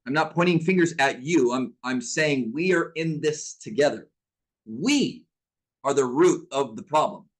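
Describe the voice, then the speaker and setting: A man's voice: medium pitch, unhurried, rough recording. A middle-aged man coaching a live online masterclass, blunt and emphatic, calling on viewers to answer back like a preacher. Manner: energetic, preacher-like call-and-response; blunt and emphatic, repeats himself. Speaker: business coach.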